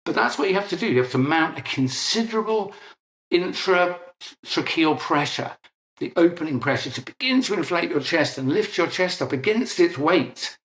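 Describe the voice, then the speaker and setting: An older British man, an interviewed scientist, earnestly explains technical matters in a British English accent, frequently restarting words. His voice is a little high, expressive and fairly bright at a moderate pace, recorded in an echoey room.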